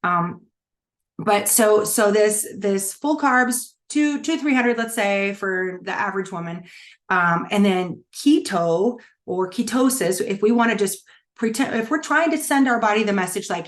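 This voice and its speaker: A woman's voice: mid-range voice, a little slow. A middle-aged woman coaching a wellness challenge, talking candidly and casually with many fillers and restarts. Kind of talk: casual teaching talk.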